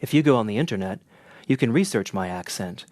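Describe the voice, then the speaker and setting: A man with a Northern American accent, an interpreter teaching in a measured, earnest way. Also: on the low side, lively intonation, darkish tone, no echo. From northern United States. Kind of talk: scripted lesson to camera.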